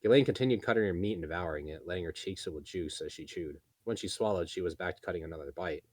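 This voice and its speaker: Low, husky male novel reader. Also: fast talker, dry recording. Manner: steady reading with small slips and self-corrections. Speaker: narrator. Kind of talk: reading a light novel aloud.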